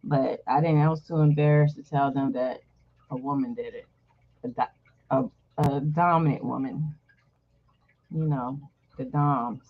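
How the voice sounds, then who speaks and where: A woman's voice: a bass voice, steady tone, unhurried, pauses often. A woman host casually telling a personal story to her viewers, candid and blunt, swearing freely. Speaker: channel host. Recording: dull lo-fi recording.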